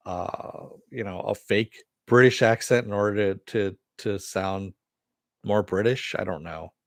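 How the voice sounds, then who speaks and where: A man's voice: fairly low pitch, dry recording, studio quality. An American man hosting a casual live stream, rambling and reading viewer comments aloud. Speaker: host.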